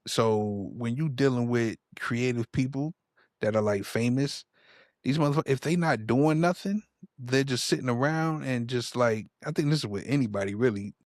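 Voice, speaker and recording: A man's voice: medium pitch, moderate pace, darkish tone, no echo, clean studio sound. A man co-hosting a podcast, giving slangy, laid-back opinions in casual chat. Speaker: podcast co-host.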